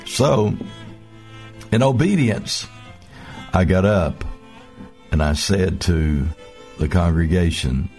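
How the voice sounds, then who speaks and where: A man giving a devotional message as a minister, earnest and halting, pausing often on fillers. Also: low-pitched, lively intonation, darkish tone, soft background music.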